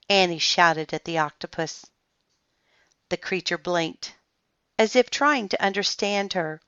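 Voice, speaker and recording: Slow, bright woman reading a storybook. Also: lowish voice, clear, resonant tone, no room sound. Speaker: reader. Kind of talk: children's book read-aloud. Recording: dull lo-fi sound, dry.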